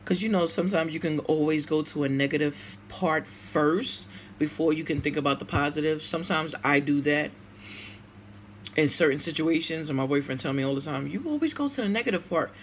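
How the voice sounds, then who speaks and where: A woman's voice: deep voice, steady tone, moderate pace, a little hiss or hum. A woman with a Brooklyn accent, vlogging casually to camera and answering tag questions, emotional and outspoken. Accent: Brooklyn, New York. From United States.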